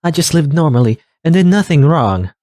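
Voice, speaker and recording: Grieving village parent, anguished, self-blaming, lively rising pitch, dry close sound, read by a man. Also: normal speed, no echo. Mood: distraught.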